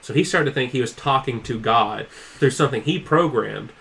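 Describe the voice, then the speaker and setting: A man's voice: mid-range voice, animated, normal speed, creaky, fairly bright tone. A man co-hosting a podcast, telling a long story in casual chat, full of "like" fillers and acted-out quotes. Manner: rambling storyteller, heavy use of "like"; acts out quoted people with raised intensity. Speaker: podcast co-host.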